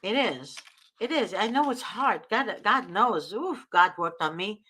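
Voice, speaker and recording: A woman talks to her audience as a show host, her voice sitting at an ordinary middle pitch. She gives earnest, preachy advice and circles back to repeat her points. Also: lively intonation, a little slow, sharp tone, slight background noise. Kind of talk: casual advice talk.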